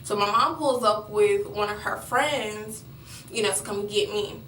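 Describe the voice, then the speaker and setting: A woman's voice: medium pitch, a little slow, fairly bright tone, echoey room, far from the mic, slight background noise, low-quality recording. A young woman vlogger telling a personal story in a rambling way, with many fillers and restarts.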